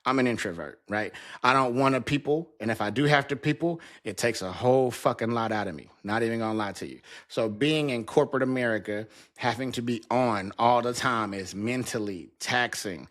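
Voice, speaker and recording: Solo host, man in his 30s to 40s, mid-pitched, blunt and foul-mouthed, casual venting into a camera at home. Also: fairly quick, a bit bright. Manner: frank, profane venting. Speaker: podcast host. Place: home basement, alone. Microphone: talking to a camera.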